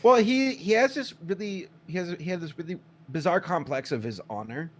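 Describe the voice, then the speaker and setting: A man co-hosting a casual podcast chat, telling stories with lively acted-out quotes and frequent swearing. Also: high-pitched, brisk. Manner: animated storyteller, acts out quotes, swears. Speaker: podcast co-host.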